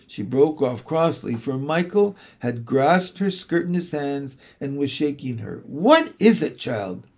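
A man narrating a children's classic as an audiobook, measured and expressive. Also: mid-range voice, creaky.

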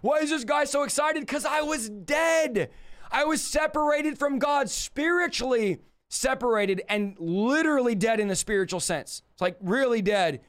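A man with a strikingly high voice preaching on a live stream. He swings between fired-up shouting and quieter rhetorical questions, like a revival preacher. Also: expressive, moderate pace.

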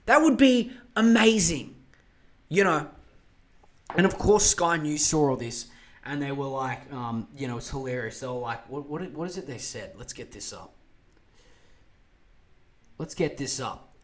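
High-voiced, bright, sweary man. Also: a little slow. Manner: animated, profane, mocking. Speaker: podcast host. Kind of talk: casual ranting commentary.

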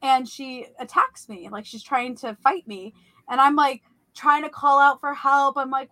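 Bright, animated young woman telling a story. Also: sits high, normal speed, no room sound. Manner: animated, filler-heavy retelling of a dream. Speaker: podcast host. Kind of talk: casual storytelling.

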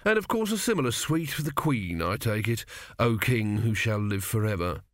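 A man voicing an eager, fawning salesman with a smooth sales patter. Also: fairly low pitch, expressive, normal speed, no echo, studio quality, lightly acted.

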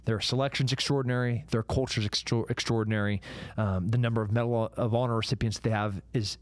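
A man hosting a podcast interview in a measured, emphatic way. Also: fairly low pitch, steady tone, no echo. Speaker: podcast host. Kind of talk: casual interview chat.

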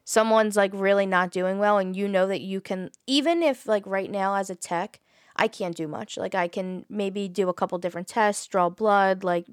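A woman in her twenties co-hosting a casual podcast chat, talking fast with lots of "like" fillers. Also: mid-range voice, clear, resonant tone, dry recording, studio quality. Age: 20s. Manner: chatty, frequent "like" fillers, laughs while talking. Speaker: podcast co-host.

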